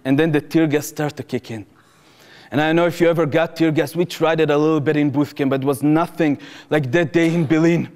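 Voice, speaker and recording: A young adult man from Israel with an Israeli accent, telling a personal story to an audience in an animated way, acting out what people said, in non-native English. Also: on the high side, fairly quick. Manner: animated, acts out quoted speech, non-native phrasing. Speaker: former soldier giving testimony. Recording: reverberant hall, live talk.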